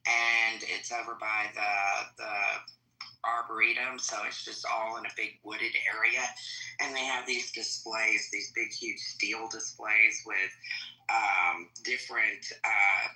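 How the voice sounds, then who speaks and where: A man's voice: lowish voice, flat delivery, slow, pushed and bright, roomy sound, recorded from a distance, poor audio. A man chatting casually on a group call, describing things at length with many hesitations and fillers. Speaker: call participant.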